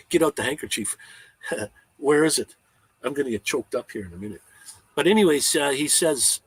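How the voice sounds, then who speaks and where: A man's voice: medium pitch, lively intonation, normal speed, pauses often, fairly bright tone, slightly rough, dry recording, low-quality recording. A man hosting a casual live-stream chat, talking in a rambling, heartfelt way with frequent restarts and stammers.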